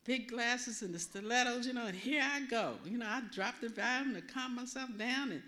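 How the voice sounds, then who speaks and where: An older woman minister preaching, telling a personal testimony in a lively, storytelling way with many asides. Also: a little high, moderate pace, a little hiss or hum. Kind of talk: testimony sermon.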